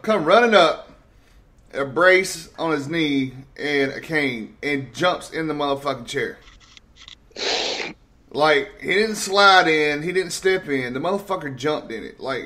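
Loud, profane man telling stories. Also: fairly high pitch, unhurried. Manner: loud, profane and laughing often. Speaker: host. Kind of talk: casual profane storytelling.

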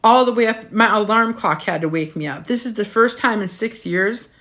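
Frank, animated woman in her fifties. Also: medium pitch, moderate pace. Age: 50s. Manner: frank and animated, swears freely. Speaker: menopause health coach. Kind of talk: casual live-stream chat. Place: her home. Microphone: phone.

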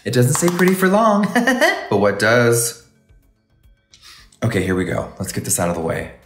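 A man's voice: medium pitch, wildly swooping pitch, moderate pace, fairly bright tone, reverberant, soft background music. A man doing a casual live makeup review, gushing and exclamatory and calling viewers baby and honey. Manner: gushing, exclamatory, campy endearments. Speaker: makeup livestreamer.

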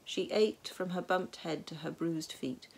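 Gravelly, husky woman reading a story. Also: on the low side, a little slow. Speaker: audiobook narrator. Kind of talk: storybook narration.

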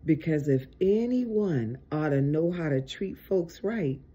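An online preacher giving an informal video sermon, tired and exasperated, with drawn-out, emphatic exhortations. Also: mid-range voice, lively intonation, mellow, husky, dull audio.

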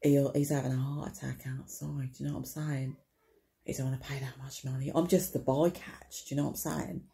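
A woman's voice: extremely low pitch, little pitch movement, a little fast, gravelly, mellow. A woman tells a rambling comic story to camera, chatty and wry, swearing casually and peppering it with tag questions. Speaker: vlogger.

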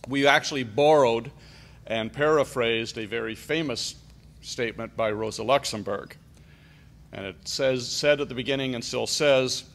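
A middle-aged man from Canada delivering an emphatic, deliberate political speech at a conference. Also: mid-range voice, gravelly, fairly bright tone. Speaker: conference speaker.

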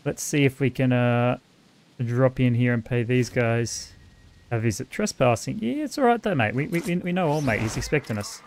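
A man's voice: medium pitch, expressive, moderate pace, a little hiss or hum. A man with an Australian accent doing casual, profane let's-play commentary and talking back to the game's characters. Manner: casual, swears freely, chats to the game characters. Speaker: gaming host.

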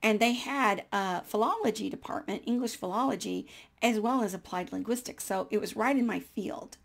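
A woman in her sixties telling a personal faith story in a chatty, animated way, dropping into whispers at hushed moments. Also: mid-range voice, normal speed, gravelly. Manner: chatty with frequent fillers and small laughs.

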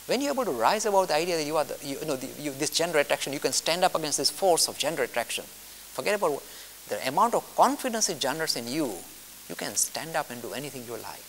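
A man's voice: fairly high pitch, very animated, quick pace, a bit bright. An older man giving a spoken lecture, blunt and emphatic, acting out his listeners' objections in mock voices and repeating his key points. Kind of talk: spoken lecture on spiritual discipline. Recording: long hall reverb with faint hiss.

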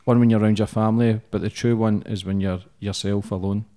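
A man from Glasgow with a Glaswegian accent, hosting a podcast interview in a relaxed, casual way with short questions and nods. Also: on the low side, quick pace. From Glasgow, Scotland. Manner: relaxed, brief affirmations and questions. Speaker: podcast host.

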